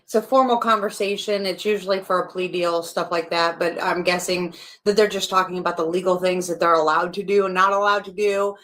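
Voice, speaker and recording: A woman's voice: fairly low pitch, a bit bright. A woman chatting casually as she comments live, wry and thinking aloud with asides.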